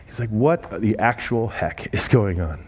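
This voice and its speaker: A man's voice: fairly low pitch, unhurried, husky. A man preaching through personal stories in a conversational way, quoting the people in them. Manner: emotional, voice rising and breaking when moved; conversational, quotes people in lively voices. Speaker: speaker telling ministry stories. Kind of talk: sermon storytelling.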